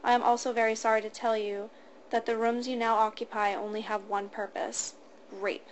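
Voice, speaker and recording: A frightened young captive speaks in a stuttering, tearful voice, put on by a woman reading the story. The voice sits fairly high, and a faint hum of the room lies behind it. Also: flat delivery, normal speed, lightly acted, rough recording. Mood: frightened, resigned.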